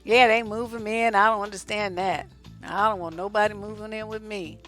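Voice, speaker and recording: A middle-aged woman from Oakland, a relationship coach and host, giving blunt, animated advice to her viewers and laughing often. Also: medium pitch, moderate pace, soft background music. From Oakland, California. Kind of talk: casual advice talk to viewers.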